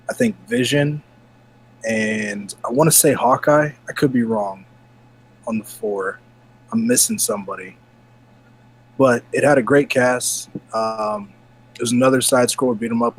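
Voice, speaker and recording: A man co-hosting a casual gaming podcast, talking in a relaxed, chatty way while bothered by hiccups. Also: medium pitch, slight background noise, rough recording. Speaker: podcast co-host.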